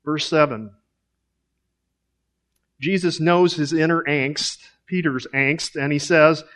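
Male preacher, sermon, conversational, rhetorical questions, higher-pitched voice. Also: unhurried, fairly bright tone.

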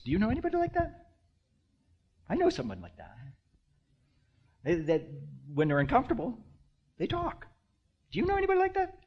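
A man in his sixties, a pastor, preaching a sermon with rhetorical questions to the congregation, swinging between hushed asides and loud emphasis. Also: fairly high pitch. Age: 60s.

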